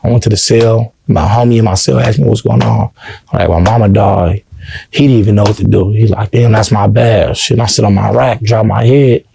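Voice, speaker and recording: An interview guest tells his life story casually, earnest and heartfelt, constantly adding "you know what I'm saying." He talks fast in a lowish, gravelly voice, with background noise behind him.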